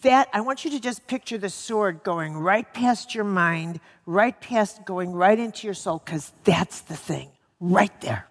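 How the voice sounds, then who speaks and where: A woman's voice: mid-range voice, animated, unhurried, hardly any pauses. A woman giving a live talk on healing to an audience, joking with them and repeating words for emphasis. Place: lecture hall with an audience. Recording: long reverb of a lecture hall.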